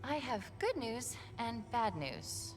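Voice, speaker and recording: Playful game AI, higher voice, very lively and swooping pitch, soft game music behind. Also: female voice, slow. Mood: briefing. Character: eager chatty female AI companion.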